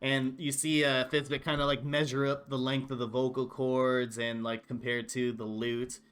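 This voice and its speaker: A man's voice: medium pitch, level tone, moderate pace, a bit bright, faint music behind. A man narrating as game master in a tabletop game, describing scenes loosely and laughing often.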